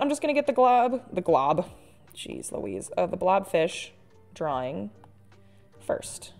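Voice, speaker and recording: A woman's voice: on the low side, very animated, slow, vocal fry, long pauses, darkish tone, soft background music. A woman artist chatting casually and poking fun at herself while she draws on a live stream. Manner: chatty, self-mocking, with frequent laughs and sighs.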